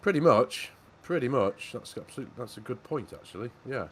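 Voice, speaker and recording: A man's voice: medium pitch, expressive, moderate pace, a bit bright, slightly rough. A man, co-hosting a farming game livestream in casual, jokey chat and reading out viewer messages. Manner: jokey, chatty, says mate a lot, reads chat messages aloud. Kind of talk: casual live-stream chat.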